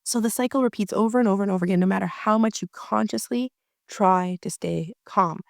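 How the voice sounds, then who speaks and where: A woman's voice: medium pitch, brisk, gravelly, dry recording, clean studio sound. A woman working as a marriage coach, talking casually and chattily with many fillers and restarts.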